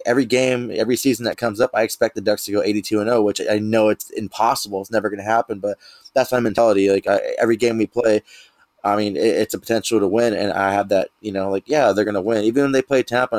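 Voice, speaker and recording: Male co-host, lower pitch, dry mic, earnest casual delivery. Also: darkish tone, no echo. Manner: earnest, repeats himself, casual. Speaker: podcast co-host. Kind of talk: casual sports chat.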